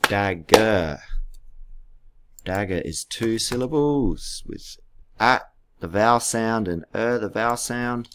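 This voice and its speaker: A man with a lowish voice teaches a class in a screen-recorded tutorial, and the recording is very noisy. He is patient and spells words out letter by letter while keyboard clicks sound behind him.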